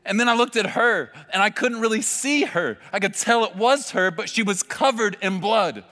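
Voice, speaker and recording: A male pastor preaching a sermon, telling a vivid story with dramatic pauses. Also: high-pitched, sharp tone. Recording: long hall reverb with faint music. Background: faint music.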